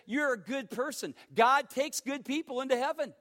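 A man voicing a smooth middle-aged male pastor who reassures quickly and breezily. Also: extremely high pitch, a bit bright, pitched above the performer's own voice. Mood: reassuring.

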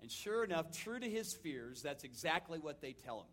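A man preaching a sermon, retelling a story with dramatic swings between loud and hushed delivery and acting out the quoted voices. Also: fairly high pitch, big pitch swings, moderate pace. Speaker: pastor.

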